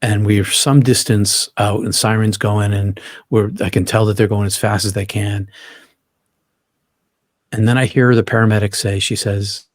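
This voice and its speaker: Husky middle-aged man telling his story. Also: on the low side, flat delivery, normal speed, no echo, studio quality. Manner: earnest, vivid retelling with frequent restarts. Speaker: guest. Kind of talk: personal storytelling in an interview.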